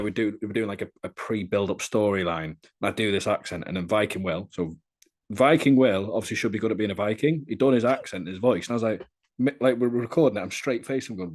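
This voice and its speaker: A young man talking casually as a podcast guest, telling stories in a lively, chatty way. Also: on the low side, brisk. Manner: lively, chatty storyteller, often laughing. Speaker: interviewee.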